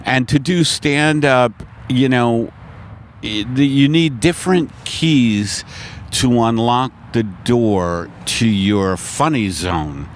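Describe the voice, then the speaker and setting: A man's voice: mid-range voice, takes it slowly. A man in his sixties hosting a comedy podcast outdoors in a park, chatting casually. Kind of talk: casual chat and improvised sketch. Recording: faint outdoor noise in a park.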